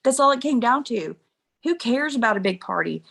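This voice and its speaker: A woman's voice: on the high side, expressive, a little fast, creaky, fairly bright tone, slightly rough. A middle-aged woman, an interview guest, candidly telling personal stories and laughing along as she talks. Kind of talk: emotional personal storytelling.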